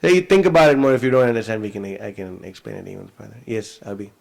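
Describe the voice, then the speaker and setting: A man's voice: fairly low pitch, big pitch swings, quick pace, gravelly, a little mellow, poor audio. A man leading an informal scripture class, talking it through and often asking if listeners understand. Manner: conversational, repeats questions to check understanding. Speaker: devotee teacher leading a class.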